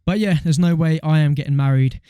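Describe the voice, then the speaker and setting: A young man chats at a rapid clip, his voice slightly high and dark in tone. The sound is close and dry. His manner is slangy, loose podcast banter. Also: smooth, no room sound. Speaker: podcast co-host. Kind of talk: casual chat.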